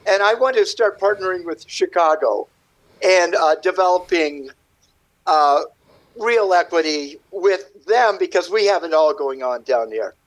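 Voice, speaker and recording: A man with a notably high speaking voice, talking as a guest on a radio interview. He rambles through his story with animated energy, switching into little acted-out voices for the people in it. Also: a little slow, poor audio. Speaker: guest artist.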